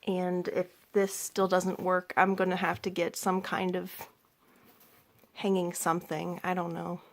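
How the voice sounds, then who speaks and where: A woman in her twenties who vlogs about pets chats casually at home next to an animal cage. Her low voice is completely flat and a little slow, and she rambles with lots of fillers, slightly out of breath.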